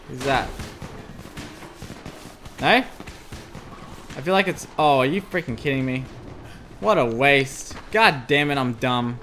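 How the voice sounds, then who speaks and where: A man commentating a horror game demo as he plays, easily startled and yelping "oh no" and "oh god" at every scare. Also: medium pitch. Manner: excitable, yelps and squeals when scared. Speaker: gameplay commentator. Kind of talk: let's play commentary. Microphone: desk USB microphone.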